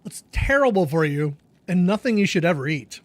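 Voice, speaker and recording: A man's voice: high-pitched, very animated, moderate pace, dry recording. A man streaming a game, chatting casually with viewers in a jokey, laid-back way. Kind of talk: casual chat.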